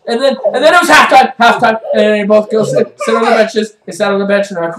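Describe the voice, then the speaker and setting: An excitable mock sports reporter rambles through a play-by-play, breaking into shouts and quick character voices. The sound is roomy, with the mic set well away on a stage. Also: medium pitch, far from the mic, a little hiss or hum. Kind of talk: improv comedy play-by-play. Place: improv stage.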